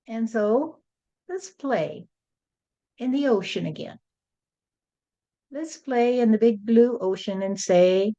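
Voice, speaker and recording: A woman channeling a spiritual teaching, gentle and repetitive, often adding "you see", on a dull lo-fi recording. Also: mid-range voice, lively intonation, slow, long pauses.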